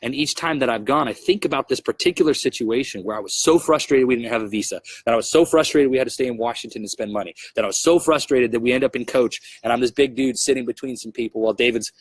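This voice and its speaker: A young man hosts his own podcast and tells a personal travel story in a loose, conversational way. His voice is husky and sits in a middle pitch. He gets animated as he acts out his own frustrated outbursts, all on a dry, close mic. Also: fast talker, hardly any pauses, no room sound. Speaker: podcast host. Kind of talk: casual storytelling monologue.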